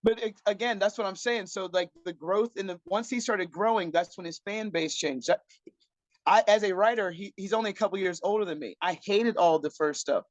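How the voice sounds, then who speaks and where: Casual podcast co-host: a man with a high voice, blunt and profane, recorded dry and close. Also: fairly quick, no room sound, dull audio. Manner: blunt, profane, restarts often. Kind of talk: casual chat.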